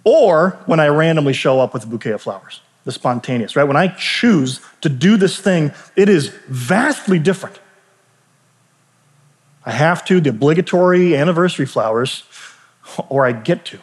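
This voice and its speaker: A fairly high-voiced man preaching in an easygoing, talky manner. He often restarts his sentences and checks in with his listeners. The sound carries the long reverb of a big hall. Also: animated, moderate pace. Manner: conversational, frequent restarts and asides. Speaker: pastor. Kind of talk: sermon.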